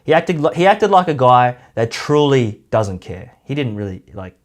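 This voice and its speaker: A very animated Australian man with a medium-pitched voice speaks at normal speed as a YouTube commentator. His casual commentary rambles on, heavy with "like" and mocking jabs.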